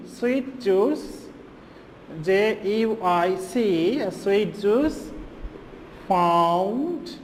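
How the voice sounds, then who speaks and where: A male teacher with a Bangladeshi accent giving a slow classroom lesson, spelling words letter by letter and repeating them. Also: sits high, big-room sound, slight background noise.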